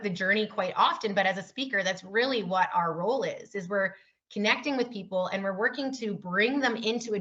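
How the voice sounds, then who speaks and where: A woman's voice: mid-range voice, sharp tone, dull audio. A woman keynote speaker talking casually and with enthusiasm in an interview. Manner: upbeat and enthusiastic.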